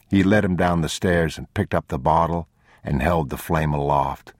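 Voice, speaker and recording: A man narrating an audiobook in a measured, grave, unhurried way, on a close studio mic. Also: extremely low pitch, dry recording. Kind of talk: scripted narration.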